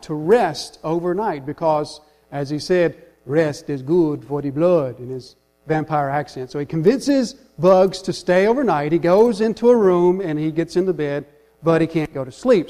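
A man preaching to a congregation, his voice sitting a little high for a man. He talks like he's telling a story to friends, chatty and informal, asking the room questions as he goes. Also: darkish tone. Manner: storytelling, conversational, addresses the congregation directly. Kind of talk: sermon.

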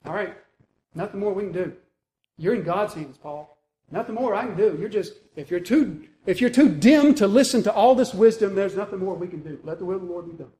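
A man's voice: high-pitched, animated, fairly quick, warm tone. A man preaching who mimics an apostle's frustrated friends, resigned and sarcastic.

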